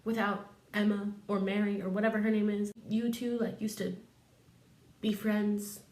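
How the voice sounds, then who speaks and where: A woman's voice: medium pitch, level tone, normal speed, darkish tone, close to an everyday voice. A woman voicing a pushy ghost of past Christmases who presses its point in casual slang. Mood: insistent. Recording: echoey room.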